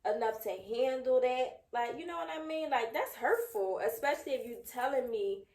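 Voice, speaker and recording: A woman's voice: sits high, expressive, normal speed, darkish tone. A woman in her thirties co-hosting a podcast, speaking frankly and emphatically in casual chat. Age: 30s. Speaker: podcast co-host. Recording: echoey room.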